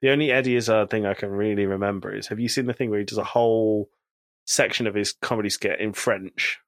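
A man's voice: fairly low pitch, steady tone, quick pace, dry recording. A man co-hosting a podcast in casual chat, animatedly retelling TV scenes and quoting characters. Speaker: podcast co-host.

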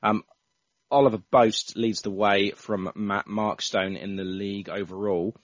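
A man's voice: fairly low pitch, fairly even intonation, a little slow, no room sound. Chatty male podcast host, stumbling restarts, muffled dry recording. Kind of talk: casual football podcast chat. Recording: dull, dry, lo-fi sound.

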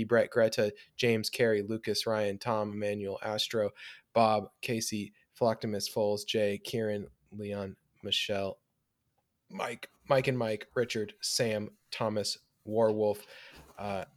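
A man's voice: on the low side, no echo, studio quality. A man hosting a casual sports podcast, rambling with many fillers while he has the hiccups. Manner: rambling, self-interrupting, lots of fillers. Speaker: podcast host.

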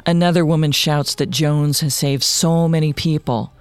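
A man narrating a scripted true-crime story in a measured, matter-of-fact way. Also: fairly high pitch, fairly even intonation, smooth, dry recording. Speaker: podcast narrator.

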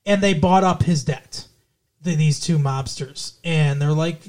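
Casual swearing man, fairly high voice. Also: measured pace, a little mellow. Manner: loose, swears freely, retells scenes with quoted voices. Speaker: podcast co-host. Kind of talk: casual movie-review chat.

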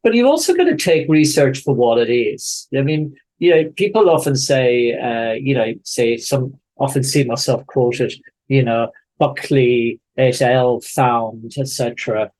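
A man in his forties with an Irish accent, a podcast guest who talks in a measured, explanatory way. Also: medium pitch, lively intonation, darkish tone. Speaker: guest researcher. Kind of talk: podcast conversation. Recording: faint music behind.

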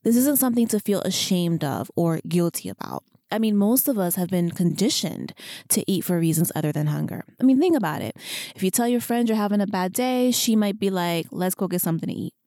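Mellow-voiced woman podcast host. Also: mid-range voice, very animated, fairly quick, no room sound, clean studio sound. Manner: earnest, heartfelt, chatty with frequent "you know". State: emotional, near tears. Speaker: podcast host and fitness coach. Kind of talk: casual solo podcast talk. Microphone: studio podcast microphone.

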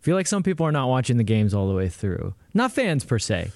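A man's voice: medium pitch, big pitch swings, a little fast, a little mellow, dry recording, studio quality. A man co-hosting a casual sports podcast, wry and hesitant, with frequent restarts. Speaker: podcast co-host.

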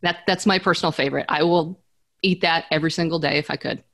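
Chatty woman with a low voice. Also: steady tone, quick pace, fairly bright tone. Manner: chatty, upbeat, laughs easily. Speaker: podcast guest, business strategist. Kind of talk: casual interview chat.

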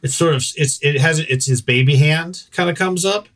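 A man's voice: a little high, moderate pace, a bit bright, far from the mic. Rambling man running a tabletop game. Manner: rambling, full of hesitations and "sort of, like". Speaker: game master.

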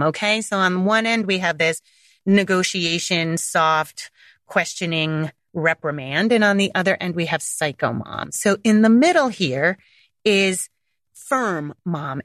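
A woman's voice: no room sound, studio quality. A woman podcast host coaching parents in a casual monologue, acting out quoted voices with big jumps. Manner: animated, acts out quotes with big pitch jumps.

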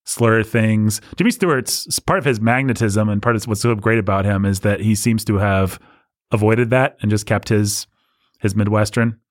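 A man's voice: on the low side, normal speed, no echo, studio quality. A man hosting a casual film discussion, explaining at length with many restarts. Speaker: podcast host.

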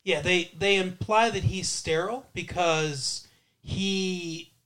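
A man co-hosting a casual movie-review podcast, playful and rambling, slipping into quick silly voices. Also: sits high, a crowd in the background. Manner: playful, rambling, breaks into bits of funny voices. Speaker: podcast co-host.

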